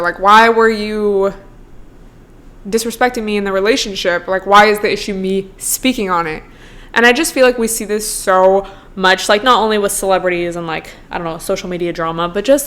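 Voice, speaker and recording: Her voice is mid-range and a bit bright. She's a twentysomething podcast host chatting alone on her show, peppering her talk with "like" and profanity and laughing in between thoughts.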